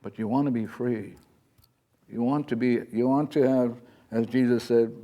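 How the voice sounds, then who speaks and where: Mellow-voiced man giving a rambling spiritual talk. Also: medium pitch, fairly even intonation, moderate pace. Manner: rambling, chatty, acts out little quoted voices. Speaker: spiritual teacher. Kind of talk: informal spiritual talk to a live audience. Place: talk in front of an audience.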